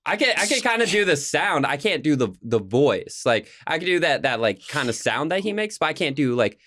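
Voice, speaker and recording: Animated laughing podcast host man. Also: a little high, fairly quick. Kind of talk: casual chat.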